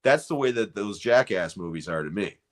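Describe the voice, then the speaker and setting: A man's voice: fairly low pitch, expressive, fairly quick. A man co-hosting a livestream who rambles in casual chat, filling his talk with "you know". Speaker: livestream co-host.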